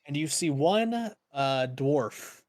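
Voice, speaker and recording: A man narrating a tabletop game as game master in a plain, halting way, with frequent ums and restarts. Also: fairly high pitch, animated, no echo. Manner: refuses to do character voices.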